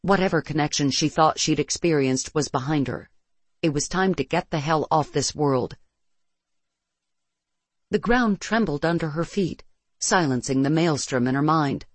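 A narrator reading science-fiction adventure fiction aloud in a steady storytelling manner, close to the mic. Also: medium pitch, normal speed, no echo. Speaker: audiobook narrator.

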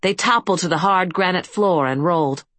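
A woman narrating an audiobook in a steady, even storytelling manner. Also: on the low side, normal speed, no room sound. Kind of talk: scripted fantasy narration.

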